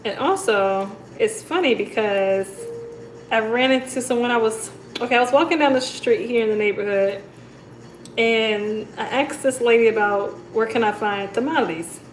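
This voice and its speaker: A woman's voice: a little high, normal speed, roomy sound, a little hiss or hum, poor audio. Chatty woman hosting a livestream. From United States. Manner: chatty, storytelling, reads comments aloud. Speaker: livestream host. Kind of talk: casual live chat.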